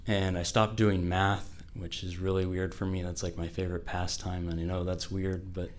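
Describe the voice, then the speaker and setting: A teenage boy with a low voice tells a personal story to an audience in a casual way. He keeps his pitch fairly flat and leans on "like" as he talks. A faint hum of room ambience sits behind him. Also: normal speed. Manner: casual, fills speech with "like".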